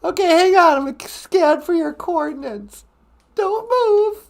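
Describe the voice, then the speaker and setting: A man voicing a shrill, high-voiced companion waiting at home, chirpy and eager, in a squeaky falsetto. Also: animated, unhurried, creaky, full character voice.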